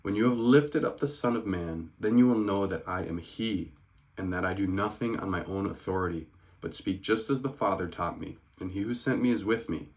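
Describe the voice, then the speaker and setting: A man reading the words of Jesus aloud from scripture in a plain, earnest way, close to his own voice, sometimes quickening. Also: deep voice, natural voice. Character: Jesus, grown man, calm teacher.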